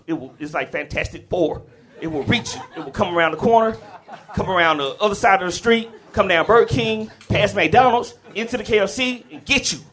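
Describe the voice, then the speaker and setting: A man from the Southern US tells a funny personal story before a live audience. His talk is animated and loose, and he often chuckles. His voice sits a touch high for a man.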